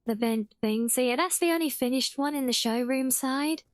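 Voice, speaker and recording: A woman's voice: high voice, moderate pace, dry recording. A British woman streaming a game live, chatting casually, often correcting herself mid-sentence and answering her chat. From Britain (half English, half Welsh).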